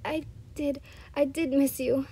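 Woman playing captive mother, frightened, trembling, breathy, dark tone. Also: on the high side, little pitch movement, unhurried. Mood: fearful. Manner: trembling, pleading.

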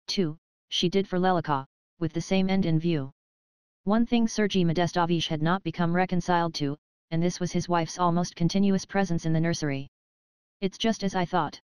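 A woman narrating an audiobook in a measured, even storytelling manner, close to the mic. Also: lowish voice, clear, resonant tone, no echo, rough recording. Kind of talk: scripted narration.

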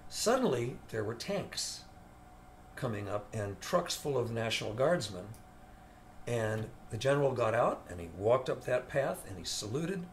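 An older man, a veteran studio guitarist, telling an animated story in an interview and acting out the voices of the people in it. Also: medium pitch, measured pace, a little hiss or hum.

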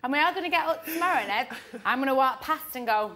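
Late at night in a shared bedroom of a reality show house, a woman rants with heavy swearing, laughing through her words. Her voice sits high and sounds expressive, brisk, pushed and bright.

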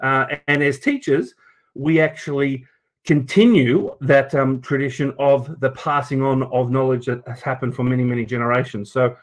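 A man's voice: medium pitch, moderate pace. An Australian man from Sydney giving an informal conference talk to teachers over a video call, chatty and jokey, with many fillers and restarts. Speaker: teacher presenting at an education event. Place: at his desk, presenting over a video call.

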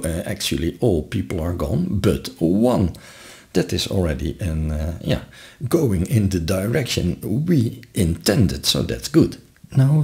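A man hosting a screen-recorded software tutorial, explaining step by step. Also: fairly low pitch, gravelly. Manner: relaxed, explains step by step with frequent uh fillers. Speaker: tutorial host.

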